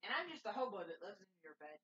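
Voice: medium pitch, big pitch swings, racing, sharp tone. A performer voicing a cheeky old toad wizard with a Cockney accent, talking in a sarcastic, teasing way in a home-made comedy sketch. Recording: lo-fi home recording.

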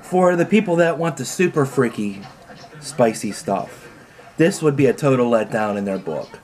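A man's voice: medium pitch, animated, moderate pace, darkish tone. A man in a casual home video, talking plainly and laid-back as he tastes spicy food, his mouth burning, with the odd swear. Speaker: vlogger tasting food on camera. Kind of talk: casual food challenge chat.

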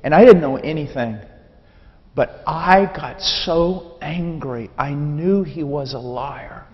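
A man preaching his personal testimony in an animated storytelling manner, acting out the dialogue. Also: a little high, slow, in a large hall, muffled recording.

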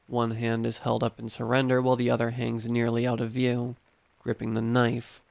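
Brief: male narrator for scripted horror reading, steady delivery, dry close sound. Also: medium pitch, brisk, creaky, dry recording.

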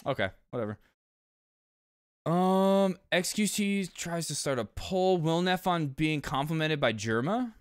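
A chatty streamer reacting to clips on a live stream. The voice is smooth and clear, recorded dry and close, and runs on with quick asides to chat. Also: mid-range voice, lively intonation, no room sound. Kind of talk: casual live-stream commentary.

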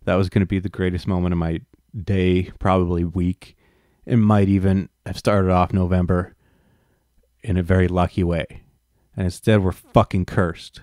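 A man's voice: low voice, level tone, normal speed, darkish tone, dry recording, clean studio sound. A man reading a book aloud and breaking off into wry, profane asides. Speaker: reader and commentator.

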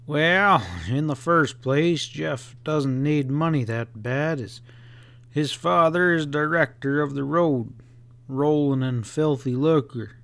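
A man voicing a tall, proud young male railroad engineer in an audiobook, terse and quick to bristle. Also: fairly high pitch, creaky, fairly bright tone, dry recording, exaggerated voice. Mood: explaining. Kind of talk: audiobook character reading.

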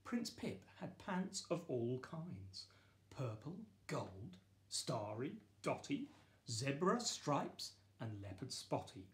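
Reading his own children's picture book aloud, a man with a medium-pitched voice goes at a slow pace, keeping things playful and lively with bursts of excited exclamations.

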